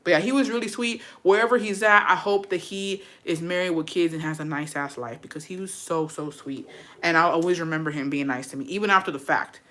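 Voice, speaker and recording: Bright-voiced young woman telling a story. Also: lowish voice, fairly quick. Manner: profane, chatty, dramatic asides to viewers. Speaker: vlogger telling a personal story. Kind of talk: casual storytelling.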